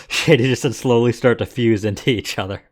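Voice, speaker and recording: Playful male co-streamer with deadpan asides. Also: mid-range voice, normal speed. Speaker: let's play co-streamer. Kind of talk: casual game commentary.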